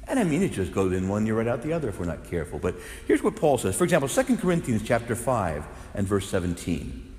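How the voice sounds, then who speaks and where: A man's voice: fairly low pitch, huge pitch swings, fast. A man, a Catholic priest, preaching a sermon with fervent, impassioned delivery. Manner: impassioned preaching, rising to loud fervent exclamations. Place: large echoing church. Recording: roomy hall reverb.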